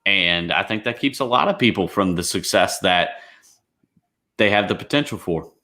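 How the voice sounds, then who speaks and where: A man's voice: low voice, animated, moderate pace, sharp tone. A man on a sports panel, talking casually in an emphatic, earnest way.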